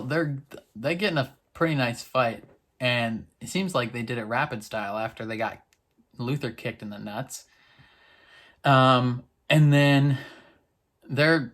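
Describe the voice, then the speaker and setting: A man casually recapping and reacting to a TV episode, talking in a loose, rambling, excitable way. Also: mid-range voice.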